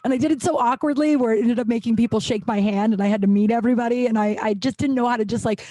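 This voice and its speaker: A woman's voice: racing, dark tone, no room sound. Profane, ranting woman podcaster. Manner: profane, ranting, acts out quoted people in higher voices. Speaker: podcast host. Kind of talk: casual storytelling monologue.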